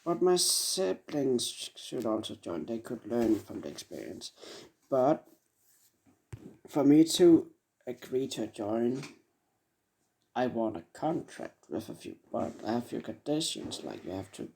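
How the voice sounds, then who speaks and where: A man's voice: medium pitch, sing-song, unhurried, creaky, a little mellow. A man voicing a cold, offhand young male assassin in a fan story. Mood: nonchalant. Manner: offhand, nonchalant.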